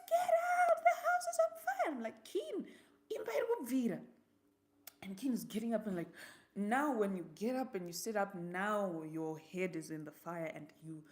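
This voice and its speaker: A young woman, telling a personal story in a live vlog, slipping into Shona words as she goes. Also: medium pitch. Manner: vivid storyteller, slips into Shona. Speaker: vlogger and host.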